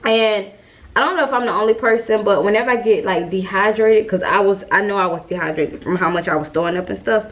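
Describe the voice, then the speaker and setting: A young woman telling a storytime vlog, chatty and lively, calling her viewers y'all. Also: mid-range voice, fairly quick. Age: young adult. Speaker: vlogger.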